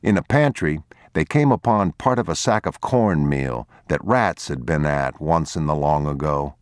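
A man reads a novel aloud in a measured, grave way. His voice is very low yet moves widely in pitch, shaping each line. The recording is dry and close, with no room sound. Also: expressive, no echo. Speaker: narrator. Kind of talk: audiobook narration.

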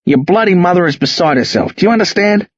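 Hoarse, barking cop, as a male narrator puts him on, hungover and seething, pitched up and husky; dull dry audiobook take. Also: expressive, moderate pace, dry recording. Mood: furious. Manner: berating, threatening, voice rising steadily. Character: gruff hungover middle-aged male country police sergeant.

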